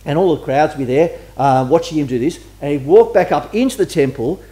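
Chatty male pastor with a higher voice. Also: fairly quick, dark tone. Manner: chatty, asks the congregation questions. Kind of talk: conversational sermon. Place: church service before a congregation.

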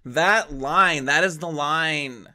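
A man hosting a reaction video, talking in a gushing, excitable and emotional way. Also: medium pitch, unhurried. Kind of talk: casual reaction commentary. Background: faint music.

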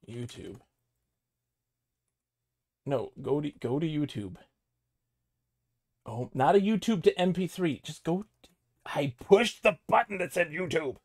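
A man's voice: fairly high pitch, lively intonation, a little slow, pauses often, no room sound, studio quality. A man streaming games live, chatting casually to his viewers in a giggly, rambling way.

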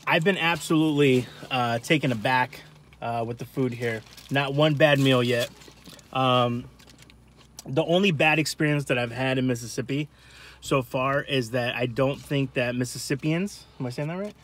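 A man's voice: medium pitch, steady tone, moderate pace, fairly bright tone. A man from Rhode Island hosting a food vlog, chatting casually over a meal and talking to viewers. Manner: chatty, addresses viewers as guys.

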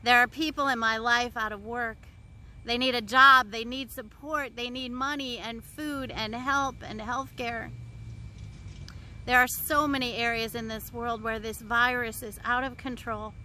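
A woman pastor reading scripture and leading a spoken prayer, slow, earnest and prayerful, with repeated refrains. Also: a little high, fairly even intonation, bright, forceful tone, slight background noise.

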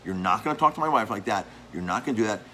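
A man, a restaurant owner and chef, talking casually and telling animated stories about difficult customers, often repeating words and acting out the arguments. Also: on the low side, rapid-fire, slight background noise. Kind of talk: casual vlog monologue. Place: his restaurant.

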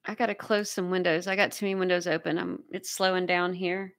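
A woman's voice: on the low side, little pitch movement, brisk. A woman hosting a casual livestream, reading viewer comments aloud and thanking people effusively. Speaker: livestream host.

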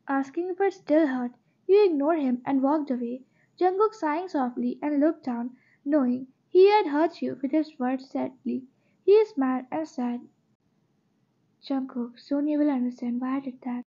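A woman narrating a fan-fiction story in second person, reading in a plain, steady way with small slips. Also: high voice. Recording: dull lo-fi home recording.

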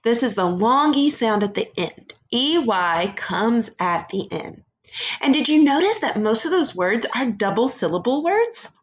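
A woman teaching a first grade phonics lesson to young children, sounding out words slowly in a sing-song teacher voice. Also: a little high, very animated.

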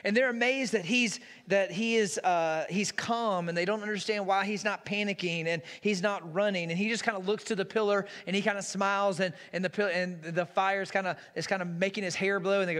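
A man's voice: sits high, steady tone, a little fast, few pauses, a bit bright. A man pastor preaching a sermon in a church, retelling a story in a casual, storytelling way. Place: church sanctuary. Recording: long reverb in a large hall.

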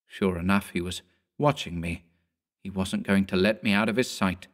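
A man narrating a horror story in a measured storytelling manner. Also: low voice. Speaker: audiobook narrator.

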